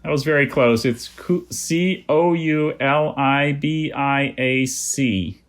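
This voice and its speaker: An adult reading words, definitions and joke sentences as a spelling bee pronouncer over a video call, in a deadpan manner. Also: medium pitch, slow pace.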